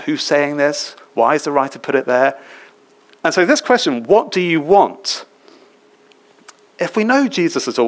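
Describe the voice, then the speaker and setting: Male preacher, conversational sermon, asks questions of the congregation, mid-pitched. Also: fairly bright tone. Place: church.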